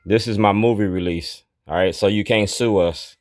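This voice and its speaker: A man's voice: lowish voice, normal speed, darkish tone. A man, an activist, walking through his documentary and pointing things out one by one in a blunt, declarative way. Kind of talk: narrated documentary walkthrough.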